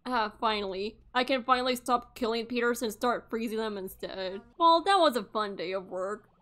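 Woman, casual gaming commentary, high voice, bright sharp tone, excitable, swears a lot, laughs often. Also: normal speed. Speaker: gaming YouTuber.

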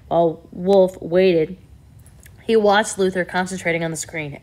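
A woman narrating a novel aloud in a steady, even reading style. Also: on the low side, measured pace. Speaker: audiobook narrator. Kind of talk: scripted narration.

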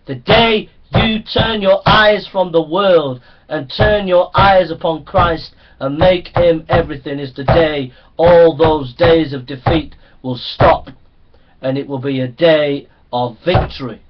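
Male preacher, high voice, insistent repetition, dull lo-fi sound. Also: slow pace, background noise. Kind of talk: sermon. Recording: dull lo-fi recording.

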